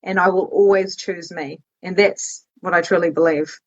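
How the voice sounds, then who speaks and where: A woman guest telling personal stories candidly in a podcast conversation, with lively quoted asides. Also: fairly low pitch, moderate pace, muffled recording. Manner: emotional storytelling, swearing, lively quoted asides. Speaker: guest, business coach.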